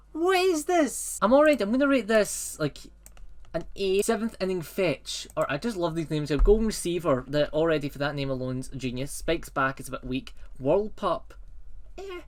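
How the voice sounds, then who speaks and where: A man ranking films in a rambling, excitable and sarcastic casual chat. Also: sits high.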